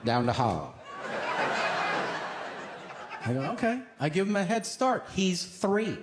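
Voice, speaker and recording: A man in his thirties doing a stand-up comedy routine on a club stage, telling stories with lively acted-out voices and sudden yells. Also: a little high, normal speed, heavy background noise. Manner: animated storytelling, acts out voices, bursts into yelling. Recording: live club with loud crowd laughter.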